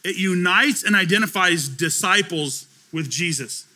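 A man's voice: high-pitched, a little slow, sharp tone. A man preaching a conversational sermon to his church as pastor, telling stories with acted-out dialogue.

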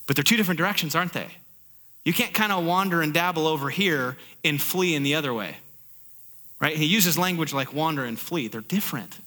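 A man preaching a sermon, animated, acting out inner voices and building to urgent exhortation. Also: on the high side, brisk. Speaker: pastor.

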